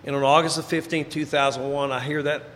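A man giving a personal recovery testimony, telling his story and dropping into quiet, low tones for emphasis. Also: flat delivery, quick pace, a little hiss or hum. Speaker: recovery speaker. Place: large hall before an audience. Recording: reverberant hall, faint ambience.

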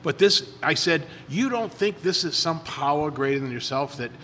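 A man with a bright, fairly high voice tells stories to a recovery group in a loose, rambling way. He stumbles over repeated words and acts out the lines of other people as he goes. His voice rings through a reverberant room with a faint hum of ambience behind it. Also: expressive, normal speed. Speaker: recovery meeting speaker. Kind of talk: casual storytelling talk.

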